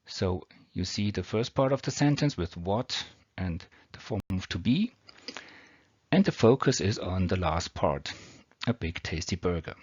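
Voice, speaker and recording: This man has a low-pitched, breathy-edged voice with big pitch swings, and he speaks a little slowly. Teaching English grammar over slides with a non-native accent, he explains patiently step by step. The audio is dry, dull and lo-fi, recorded at home.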